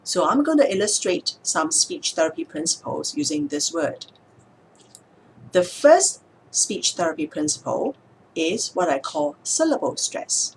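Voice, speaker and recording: A woman speech therapist explaining speech techniques in a calm, measured way, sometimes slowing down to show a word's stress. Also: fairly low pitch, creaky, slight background noise. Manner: calm, measured, demonstrates words slowly with stress. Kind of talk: instructional explanation to camera.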